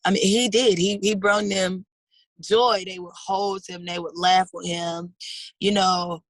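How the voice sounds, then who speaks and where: A woman's voice: mid-range voice, little pitch movement, a little slow, dry recording, low-quality recording. A woman in her thirties speaking in a heartfelt, earnest way in a personal interview, often calling people "baby". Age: 30s.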